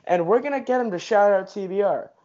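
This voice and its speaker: A man's voice: high-pitched, quick pace, darkish tone. A man, co-hosting a casual podcast with hyped, joking banter. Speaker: podcast co-host. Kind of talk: casual chat. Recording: dull lo-fi recording.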